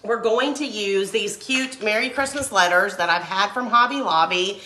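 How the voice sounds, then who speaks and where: A woman, hoarse from a cold, chatting casually while hosting a live craft stream and greeting viewers by name. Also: mid-range voice, normal speed, pushed and bright, a little hiss or hum. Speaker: craft livestream host.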